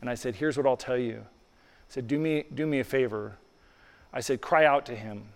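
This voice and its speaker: Storytelling preacher in a reverberant hall. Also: male voice, medium pitch, creaky. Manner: conversational storytelling, acts out dialogue. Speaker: pastor. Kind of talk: sermon with storytelling and prayer. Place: church hall.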